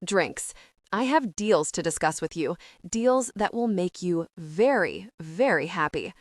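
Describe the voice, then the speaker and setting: Woman narrator as a brisk, swaggering male agent, lively and dry. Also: on the low side, dry recording. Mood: confident.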